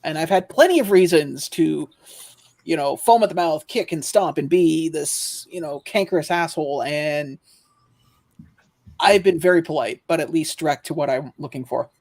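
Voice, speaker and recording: A man co-hosting a livestream chat, telling stories with lively quoted exchanges and frequent repeated words as he starts sentences. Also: a little high, moderate pace, vocal fry. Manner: storytelling, animated quoting of callers. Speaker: livestream co-host. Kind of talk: casual chat.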